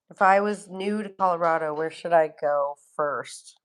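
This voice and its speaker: She's a middle-aged livestream host from Florida who talks casually through viewer comments, laughing a lot and swearing plainly. Her voice is low and her speed is normal.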